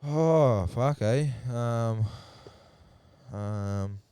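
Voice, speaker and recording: A man's voice: medium pitch, drawn-out words, mellow, slight background noise. A young Australian man chatting casually on a podcast, telling rambling stories full of swearing. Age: young adult. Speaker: podcast guest. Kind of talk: casual chat.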